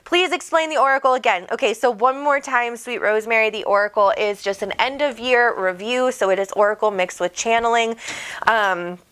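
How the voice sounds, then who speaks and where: A woman's voice: fairly high pitch, brisk, a bit bright, clear, resonant tone. A woman hosting a casual home livestream on a desk microphone, chatty and bubbly, reading out viewers' comments. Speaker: psychic medium host.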